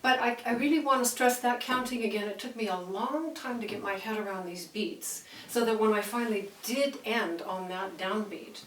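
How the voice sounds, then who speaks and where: A woman's voice: medium pitch, moderate pace, few pauses, a bit bright, a little hiss or hum. A woman teaching piano, counting beats aloud as she plays and explaining the music with enthusiasm. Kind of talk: piano lesson demonstration. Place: room with a piano. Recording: roomy, mic at a distance, piano playing.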